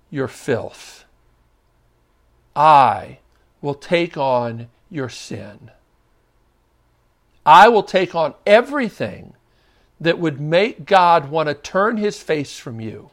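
A male pastor preaching a sermon in an earnest way, swinging between loud emphasis and hushed intensity. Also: sits high.

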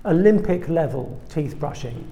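A man's voice: fairly high pitch, animated, measured pace, creaky, mellow. A man from England with an English accent, a guest preacher giving a humorous sermon to students, full of self-deprecating, wry asides.

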